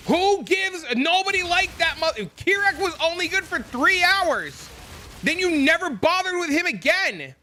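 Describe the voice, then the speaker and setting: A man's voice: very high voice, sing-song, a little slow, pushed and bright, a little hiss or hum. A young man streaming a game live, chatting with viewers and ranting profanely about fellow players. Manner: profane, ranting, reacts to chat. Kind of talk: live stream chat while gaming.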